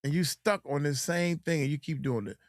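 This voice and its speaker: A man's voice: a little high, brisk, no echo, clean studio sound. A middle-aged man, chatting loosely as a coach and host, often acting out quotes in mocking voices. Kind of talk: casual livestream chat.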